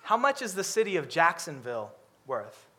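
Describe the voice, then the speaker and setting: A man preaching a sermon, lively and humorous, acting out characters with comic voices. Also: a little high, normal speed.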